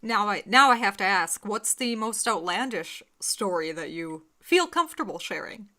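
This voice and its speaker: A woman's voice: medium pitch, lively intonation, normal speed, pushed and bright. A woman hosting a podcast interview, asking questions casually. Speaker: podcast host.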